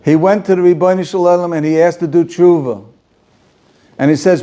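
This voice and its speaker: A man teaching a Torah class as a rabbi, animated and rhetorical, asking questions and repeating phrases for emphasis. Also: high-pitched, brisk, dull audio. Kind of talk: Torah lecture to students.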